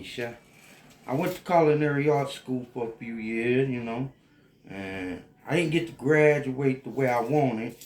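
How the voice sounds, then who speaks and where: A man's voice: medium pitch, a little mellow, roomy sound. Tipsy Cajun man cooking at home. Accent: Louisiana Cajun. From Louisiana. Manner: rambling, folksy, drawling. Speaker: home cook. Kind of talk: casual cooking vlog.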